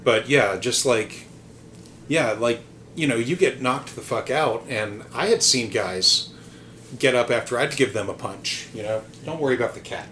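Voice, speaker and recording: A man's voice: medium pitch, moderate pace, sharp tone, slight background noise. A man hosting a podcast, telling a casual story in a rambling, hesitant way, full of ums and restarts, with some casual swearing. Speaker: podcast host.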